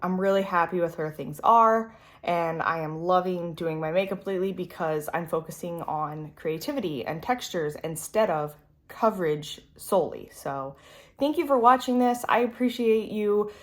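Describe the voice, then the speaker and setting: A woman's voice: on the low side, normal speed. A woman in her late thirties talking casually to camera in a vlog, chatty and loose, with lots of "like" and "um". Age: late 30s. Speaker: beauty vlogger.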